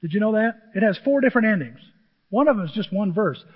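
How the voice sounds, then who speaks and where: A male pastor preaching a sermon to his church, animated and emotional, often jumping into excited high exclamations. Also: fast talker, breathy edge. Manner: self-described emotional. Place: church sanctuary with a screen. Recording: dull, long hall reverb.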